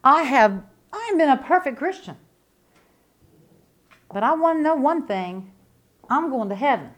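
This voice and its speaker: A middle-aged woman preaching with a high, bright voice. She is fervent and emphatic, hammering one phrase again and again and firing off rhetorical questions at the congregation. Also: animated, normal speed. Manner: emphatic and testifying. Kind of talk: sermon.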